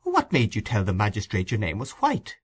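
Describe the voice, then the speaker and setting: A man voicing a brisk, warm-hearted old gentleman in a storybook reading, bluff and blustering. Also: fairly low pitch, huge pitch swings, slightly rough, full character voice.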